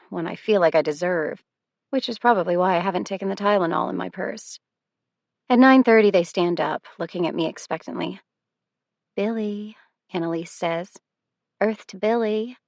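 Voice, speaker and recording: Woman reading a novel aloud, wry and measured, crackly low voice, dry recording. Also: creaky, no echo. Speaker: audiobook narrator. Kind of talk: first-person scripted narration.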